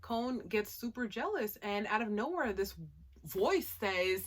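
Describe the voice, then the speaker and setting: A woman casually recapping an anime episode, chatty and animated, with lots of "like" and laughing asides. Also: medium pitch, measured pace, a little hiss or hum. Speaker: anime reviewer.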